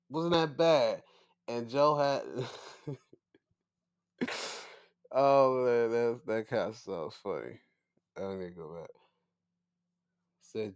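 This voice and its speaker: A man hosting a casual wrestling recap show, excitable and profane, often acting out his own reactions. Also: medium pitch. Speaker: podcast host.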